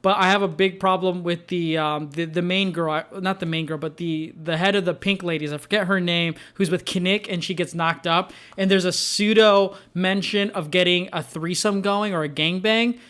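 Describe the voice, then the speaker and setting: Young male vlogger reviewing movies, a high voice with a loose, rambling delivery. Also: steady tone, moderate pace, few pauses, a bit bright, smooth. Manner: rambling, many fillers and restarts. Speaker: film reviewer. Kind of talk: casual movie review vlog.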